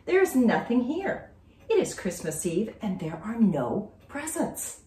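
A woman voicing an excited little girl who hunts for her presents, high-pitched and eager, in a storybook read-aloud. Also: measured pace. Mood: frantic. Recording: roomy, distant from mic.

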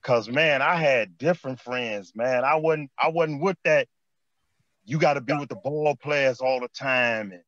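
A man's voice: mid-range voice, a little slow, no room sound, highs cut off. A man with a Chicago accent, a former basketball player telling stories in an interview, repeating his phrases and saying "man" a lot. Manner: animated street storytelling, repeats phrases and says "man" often. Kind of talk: storytelling interview chat.

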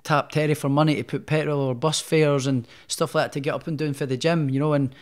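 Speaking quickly at a fairly high pitch, a boxer recounts his story on a podcast with fairly even intonation. The talk is casual and rambling, and he restarts often.

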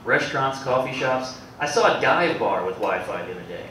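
A man doing stand-up comedy in a club, with a deadpan, self-deprecating delivery and a halting, hesitant way of talking. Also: mid-range voice. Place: comedy club with live audience. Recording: echoey club, distant mic, loud crowd noise.

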